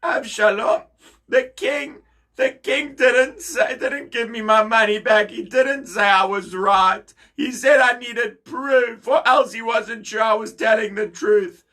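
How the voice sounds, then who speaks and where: A man's voice: very high voice, slow pace, bright, forceful tone, pitched above the performer's own voice, exaggerated voice. A man voicing an aggrieved ordinary man in a children's story, earnest and plaintive. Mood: upset.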